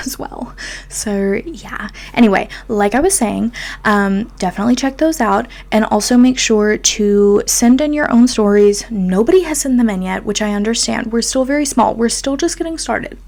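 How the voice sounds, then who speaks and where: Young woman podcast host, rambly and self-deprecating, fry in her voice, middle pitch. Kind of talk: casual chat. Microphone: video podcast mic.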